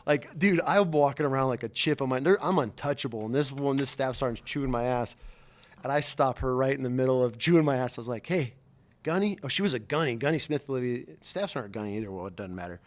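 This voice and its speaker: A middle-aged former Marine spins stories on a podcast, animated and profane, loose with slang. His voice sits at an ordinary male pitch, and he slips into quick impressions of the people he describes. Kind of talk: casual storytelling.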